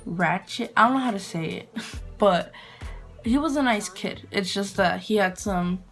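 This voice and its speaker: A woman's voice: medium pitch, a little slow, soft background music. A young woman vlogger telling a story in a casual, chatty way, full of fillers, acting out her own quotes with whispers and squeals.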